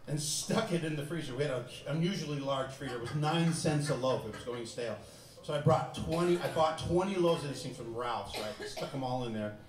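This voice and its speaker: A man's voice: mid-range voice, a little hiss or hum. A man telling a personal story in a casual, profane way, often laughing as he talks. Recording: roomy sound from a distant mic.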